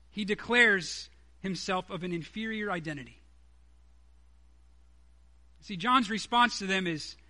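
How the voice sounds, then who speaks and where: Bright-voiced preacher man, high and emphatic. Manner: emphatic, acts out quoted dialogue. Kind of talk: sermon.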